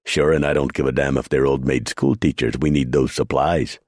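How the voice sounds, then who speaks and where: A man's voice: rumbling low, animated, moderate pace, gravelly, a little mellow, husky, no echo, studio quality, heavily acted. A man voicing a blustering, bullying sergeant major, roaring orders. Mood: bellowing. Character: boisterous Irish army sergeant major, bullying.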